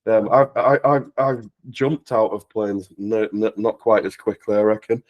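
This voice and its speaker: As a guest speaker on a charity talkathon livestream, a man shares a casual personal story, frequently laughing and tripping over and restarting his lines. His voice is lowish, his speech a little slow, and the audio dull.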